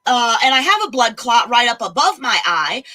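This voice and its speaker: A woman telling a story in a blunt, animated way and swearing freely. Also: on the high side, normal speed, rough recording. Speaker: vlogger. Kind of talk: casual chat, ranting story.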